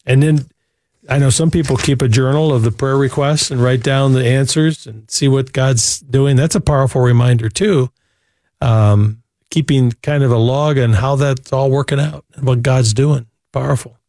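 A man's voice: mid-range voice, steady tone, moderate pace, darkish tone, dry recording. A man hosting a Christian call-in radio show, talking in an earnest, preacherly way and often repeating a word as he starts a thought. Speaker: radio talk show host.

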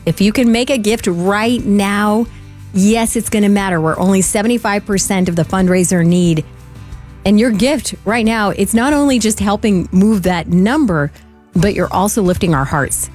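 A woman co-hosting a radio fundraising appeal, talking earnestly and warmly about her family. Faint music runs under her voice. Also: medium pitch, moderate pace. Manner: earnest and heartfelt, laughs easily. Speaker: radio fundraiser co-host and parent. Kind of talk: on-air fundraising appeal, personal story.

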